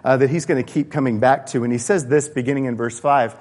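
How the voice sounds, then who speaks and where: A man preaching a sermon in a church, animated and acting out the voices of the people he quotes. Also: mid-range voice, fast talker. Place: church sanctuary. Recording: long church-hall reverb.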